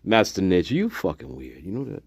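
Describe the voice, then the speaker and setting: A man's voice: deep voice, huge pitch swings, fairly quick, vocal fry, slightly rough, no echo, clean studio sound. A man hosting a casual livestream, talking in a rambling, profane, repetitive way and laughing often. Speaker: livestream host.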